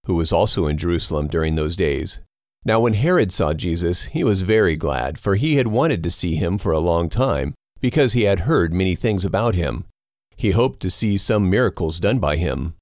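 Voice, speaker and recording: A man giving a steady, measured scripted scripture reading as an audiobook narrator, close on a studio mic. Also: low voice, no echo.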